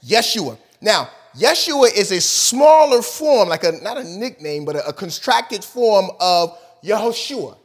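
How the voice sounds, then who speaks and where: A man's voice: high voice, sing-song, unhurried, few pauses, breathy edge. A male pastor preaching a sermon, emphatic, repeating key words and putting questions to his congregation.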